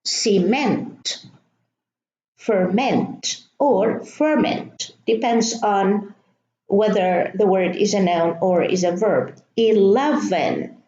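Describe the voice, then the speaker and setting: Very slow-speaking woman teaching pronunciation. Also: medium pitch, mellow, slight background noise. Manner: reads out word lists slowly and deliberately, with fillers. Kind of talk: slow classroom-style pronunciation lesson. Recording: roomy, dull lo-fi recording.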